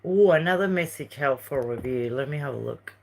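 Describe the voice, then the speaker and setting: A Uruguayan woman with a Uruguayan Spanish accent hosts a livestream, chatting casually, wandering from topic to topic and reading out viewer messages. Her bass voice is gravelly and darkish in tone, animated and a little fast.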